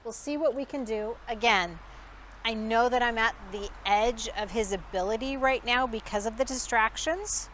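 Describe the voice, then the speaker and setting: Calm, quiet woman dog trainer. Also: on the high side. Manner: calm, quiet, measured instruction. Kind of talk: instructional dog training demonstration. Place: outdoors in a backyard. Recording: outdoor recording with faint background noise.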